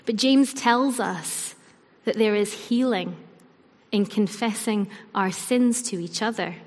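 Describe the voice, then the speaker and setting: A woman preaching a sermon in an earnest, measured way, with her line ends trailing off softly. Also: mid-range voice. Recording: long hall reverb.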